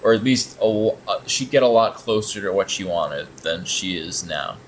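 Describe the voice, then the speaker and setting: A man's voice: low voice, animated, moderate pace, a little hiss or hum, rough recording. A man hosting a reaction video, talking casually in a blunt, sarcastic way and swearing often.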